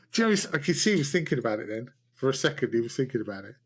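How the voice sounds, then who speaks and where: A man hosting a podcast, telling a self-mocking story in a casual, animated way. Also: medium pitch, fast, husky. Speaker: podcast host. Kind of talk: casual chat.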